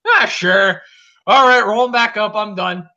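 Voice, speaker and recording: Bright-voiced guy hosting a podcast, swears constantly, crude jokes, muffled lo-fi mic. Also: high voice, unhurried. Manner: crude, profane joking. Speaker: podcast host. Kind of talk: casual podcast chat.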